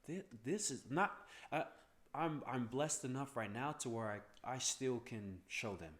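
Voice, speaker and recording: A man's voice: medium pitch, a little slow. A man in his thirties, a podcast guest, telling a story casually and animatedly, acting out other people's lines with frequent restarts. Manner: animated, acts out quoted voices, stammers on restarts.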